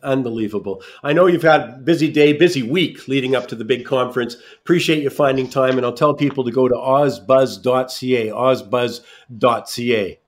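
A man's voice: medium pitch, fairly quick, few pauses. A man hosting a radio talk show, chatty and emphatic, thinking aloud as he interviews guests.

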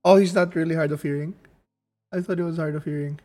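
A man's voice: on the high side, fairly even intonation, fast, dark tone, long reverb tail. A man playing in a tabletop game, talking casually with fillers and questions. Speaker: player.

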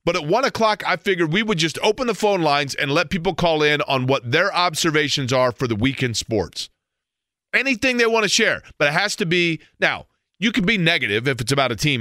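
A man's voice: fairly high pitch, lively intonation, fast talker, bright, forceful tone, no room sound, studio quality. A middle-aged man hosting a sports talk radio show, rambling playfully and poking fun at himself. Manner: rambling, playful, self-mocking.

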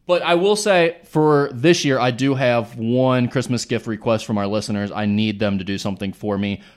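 A man's voice: mid-range voice, normal speed. A young man who works as a radio broadcaster, guesting on a sports podcast with dry, wry humor. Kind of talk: casual sports chat.

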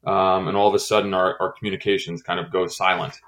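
Low-pitched man, halting, lots of fillers and restarts, interview guest. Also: flat delivery, fairly bright tone. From United States. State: choked up. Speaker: guest, former intelligence officer. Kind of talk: recounting a personal story in an interview.

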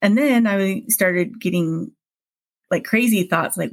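A woman guest on a podcast interview, telling a personal story in a lively way, acting out the dialogue and laughing often. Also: medium pitch, takes it slowly, gravelly.

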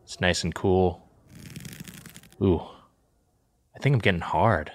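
A man's voice: low voice, slow. An actor playing a hapless man who talks to himself while hiding from terrorists in a comedy audio play. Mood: bumbling. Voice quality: bumbling, self-talking. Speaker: hero of the parody.

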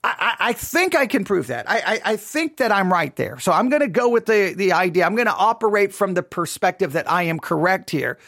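A man hosting a solo Bible teaching show, talking deliberately, repeating key phrases, and restarting sentences often. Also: high voice, big pitch swings, gravelly, a bit bright, dry recording, clean studio sound.

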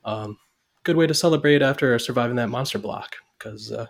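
A man trades jokes in a relaxed podcast chat, teasing and playful. His voice sits at an ordinary, middle pitch. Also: brisk, creaky. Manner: joking, playful. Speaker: podcast co-host. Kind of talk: casual chat.

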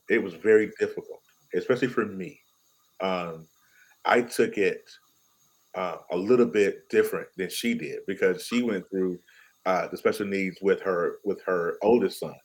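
On a podcast panel, a man with a voice on the low side talks candidly and emotionally about family life in casual chat, often restarting his sentences. The recording is low quality.

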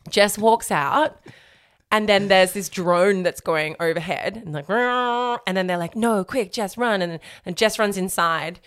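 Animated woman recapping a show. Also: on the low side, a little slow, dry recording. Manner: animated, acts out scenes with voices. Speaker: podcast co-host. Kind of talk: casual recap chat.

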